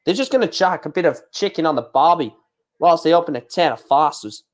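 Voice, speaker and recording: A man's voice: on the high side, expressive, a little fast, lightly acted. A man putting on a jokey Australian accent, voicing a cheery, laid-back Australian bloke full of exaggerated slang. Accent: put-on Australian.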